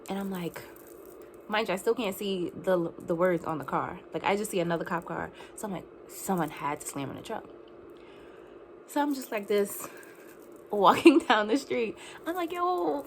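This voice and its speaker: A young woman telling a storytime vlog in a casual, animated way, laughing often and saying "like" a lot. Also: mid-range voice, a little hiss or hum. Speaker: vlogger.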